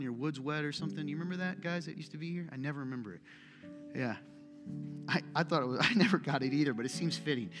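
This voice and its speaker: A man preaching a sermon to a congregation, talking casually, cracking jokes and firing pointed questions at the room. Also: medium pitch. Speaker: pastor. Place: large church hall.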